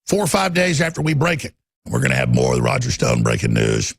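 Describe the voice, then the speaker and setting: A man's voice: extremely low pitch, huge pitch swings, fast, creaky. A middle-aged man hosting a talk radio show, ranting heatedly about politics in a studio, repeating words and acting out quotes.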